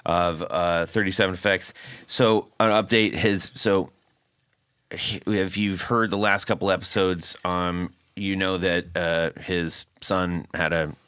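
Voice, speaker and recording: Deep-voiced chatty male podcast host. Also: fairly even intonation, unhurried, a bit bright, smooth, no room sound. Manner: chatty, rambling with restarts and laughs. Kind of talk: casual chat.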